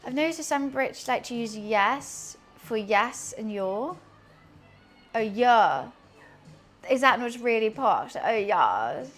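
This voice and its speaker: A woman's voice: fairly high pitch, big pitch swings, slow, soft background music. Giggly woman streaming from her kitchen. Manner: chatty and giggly, reads out chat and answers it. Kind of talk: casual live-stream chat while cooking. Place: home kitchen.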